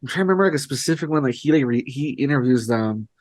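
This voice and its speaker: A man's voice: mid-range voice, animated, rapid-fire, a little mellow. A man co-hosting a podcast, retelling a show in a rambling, filler-heavy casual chat. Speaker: podcast co-host.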